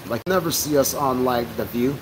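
A man's voice: medium pitch, moderate pace, background noise. A man co-hosting a podcast, rambling through casual talk with restarts and laughs. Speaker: podcast co-host. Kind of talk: casual chat.

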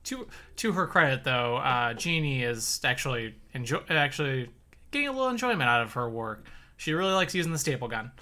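A podcast co-host retelling a TV episode in loose, halting chat with frequent fillers. The voice is bright and sharp at a middle pitch. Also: sing-song. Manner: chatty, hesitant with fillers and laughs. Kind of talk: casual chat recapping a TV episode.

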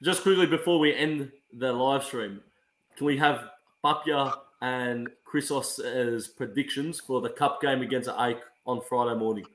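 A man's voice: mid-range voice, a little slow, a bit bright, roomy sound, a little hiss or hum, poor audio. A man co-hosting a casual live-stream chat over a video call, laughing often and teasing his guests. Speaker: podcast co-host.

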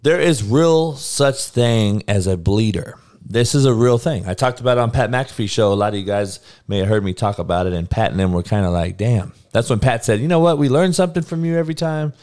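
A man's voice: lowish voice, a little fast, a little mellow. A man ranting bluntly and profanely in casual talk, laughing between heated points.

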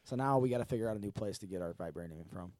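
Profane, animated man hosting a podcast. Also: on the low side, very fast, no room sound. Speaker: podcast host. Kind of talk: casual chat.

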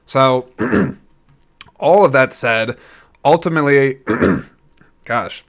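Chatty man clearing his throat. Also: medium pitch, expressive, extremely slow, a bit bright. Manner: rambling and chatty, frequent throat clearing and restarts. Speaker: podcast host. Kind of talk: casual solo movie review.

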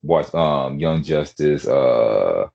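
A man's voice: rumbling low, animated, very slow, gravelly, warm tone, dull audio. A man hosting a podcast in casual chat, rambling with lots of fillers and restarts over an online call. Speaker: podcast host.

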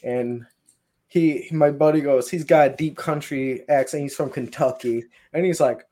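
A man recounts paranormal investigations in a casual, rambling way, full of fillers and restarts. His voice is mellow and fairly high for a man. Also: fairly even intonation, measured pace. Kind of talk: casual storytelling.

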